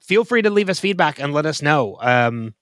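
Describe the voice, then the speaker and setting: A man's voice: fairly high pitch, moderate pace, no room sound. Laid-back man co-hosting a podcast, dry sound. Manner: relaxed, filler-heavy, laughs easily. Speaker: podcast co-host. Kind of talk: casual podcast chat.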